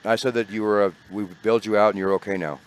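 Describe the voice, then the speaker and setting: A man's voice: on the low side, fast, smooth. A man teasing his friends in casual banter as a tabletop game player. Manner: teasing, lively.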